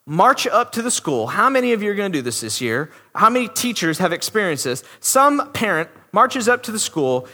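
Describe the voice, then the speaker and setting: Animated male pastor, bright and sharp, sermon in a reverberant church hall. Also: high-pitched. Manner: animated, rhetorical questions, acts out quotes. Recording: long reverb of a big hall.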